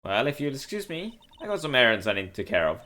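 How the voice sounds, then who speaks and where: A man's voice: medium pitch, very animated, fast, bright, forceful tone. A man voicing a sweet, doting young woman who talks in a sugary, coaxing way.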